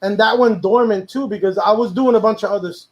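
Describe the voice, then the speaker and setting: High-voiced man in rambling casual chat. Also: quick pace, highs cut off. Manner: rambling, switches into Spanish. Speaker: music producer and host.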